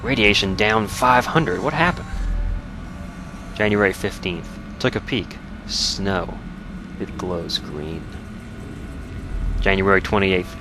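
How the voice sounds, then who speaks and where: A man's voice: low-pitched, slow pace, long pauses, background noise. Man reading as a grieving, terse survivalist. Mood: weary. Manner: terse clipped sentence fragments, slight Southern drawl. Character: grieving lone male survivalist, hardened and bitter.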